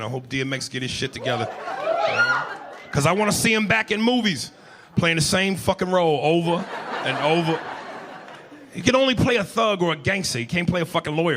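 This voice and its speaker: A male stand-up comedian with a crude, brash, conversational delivery on a comedy club stage. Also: on the high side. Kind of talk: stand-up routine. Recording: live club recording with crowd noise.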